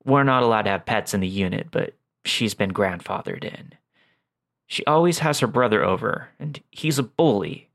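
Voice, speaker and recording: Male narrator, low gravelly voice, calm scripted horror storytelling. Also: normal speed.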